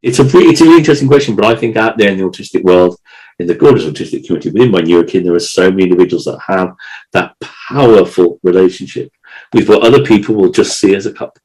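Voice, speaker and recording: Man, low-pitched, emotional, rambling, repeats himself, casual podcast chat. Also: fast talker, darkish tone, poor audio. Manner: emotional, rambling, many restarts and repeated words. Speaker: podcast co-host.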